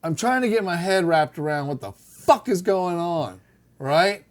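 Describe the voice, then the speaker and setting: Middle-aged male co-host, animated storyteller, laughs often, acts out quotes. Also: high-pitched, unhurried. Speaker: podcast co-host telling a story. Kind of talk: casual storytelling chat.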